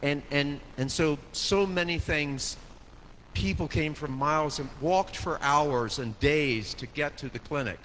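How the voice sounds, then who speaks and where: A man preaching a sermon, telling a story with dramatic swings from hushed to soaring delivery. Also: on the high side, unhurried. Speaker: pastor. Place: church sanctuary. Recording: long hall reverb, faint noise.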